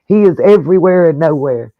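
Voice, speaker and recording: A man's voice: fairly high pitch, animated, brisk, no echo, narrow, tinny audio. A man hosting a casual livestream, talking straight to his viewers in an emotional, rambling way. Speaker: livestream host.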